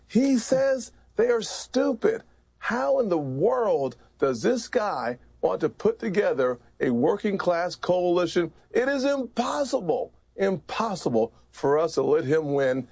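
Raspy, high-pitched man giving a political speech. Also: a little mellow, dry recording. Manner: emphatic, declaratory. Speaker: senator.

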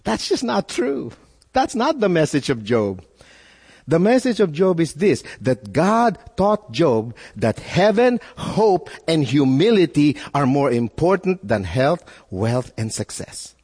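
A man's voice: on the high side, takes it slowly, husky. Male pastor preaching, voice jumping all over, big echoey hall. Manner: animated preaching with repetitions and rhetorical questions. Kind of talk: sermon.

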